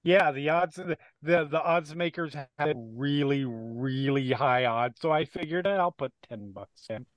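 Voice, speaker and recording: A man's voice: on the high side, unhurried, hardly any pauses, no room sound. A man playing a tabletop game, talking eagerly about rolls and rules. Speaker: player. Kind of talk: casual chat during tabletop game.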